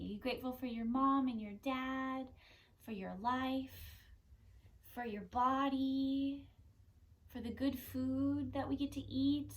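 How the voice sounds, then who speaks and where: Young woman guiding kids thru yoga, upbeat and encouraging, pretty high voice. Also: rough recording. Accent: Californian. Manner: gentle, playful, encouraging. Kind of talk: guided kids yoga class.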